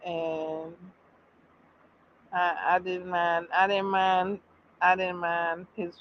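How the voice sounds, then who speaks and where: On a casual livestream, a lowish-voiced woman reacts to a series with excited outbursts and long, drawn-out exclamations and repeats. Faint background noise and slightly dull sound come through her streaming mic.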